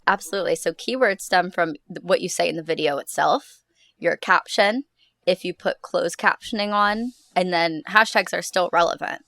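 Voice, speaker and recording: Creaky-voiced young woman chatting on a podcast. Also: fairly low pitch, a bit bright, no room sound, studio quality. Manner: chatty, quick explanations with casual fillers. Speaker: podcast co-host. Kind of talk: casual podcast chat.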